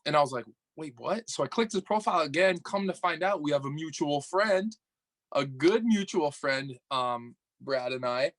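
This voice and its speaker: Chatting casually as a podcast guest, a young upstate New Yorker shares a dating tale, cursing and acting out what was said with plenty of energy. His voice runs a little high at a normal speed, and there's no room sound.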